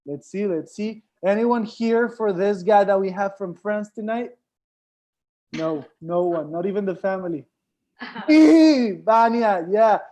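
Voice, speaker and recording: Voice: mid-range voice, slow, dark tone. A host emceeing an online comedy show over a video call, upbeat and coaxing the audience.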